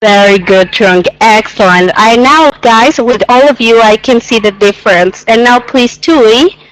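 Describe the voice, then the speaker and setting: A woman's voice: on the high side, unhurried, no room sound, poor audio. A woman teaching an English pronunciation lesson, patiently repeating sounds and exaggerating them so learners can hear.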